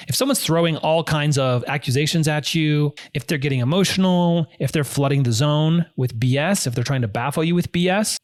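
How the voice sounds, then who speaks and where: A man coaching viewers on negotiation in a direct, emphatic instructional talk, often repeating key phrases. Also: fairly high pitch.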